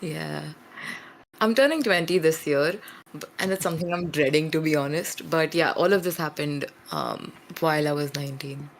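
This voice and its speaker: A woman's voice: low voice, lively intonation, normal speed, slight background noise. A nineteen-year-old woman with an Indian English accent, chatting as a guest in a friendly way and laughing easily. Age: late teens. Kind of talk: casual interview chat.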